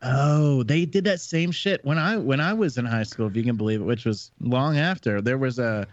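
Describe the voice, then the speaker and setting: A man's voice: mid-range voice, moderate pace, dry recording. A young man, a podcast guest, chatting in a laid-back way with lots of filler words. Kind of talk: casual chat. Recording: slightly muffled podcast audio.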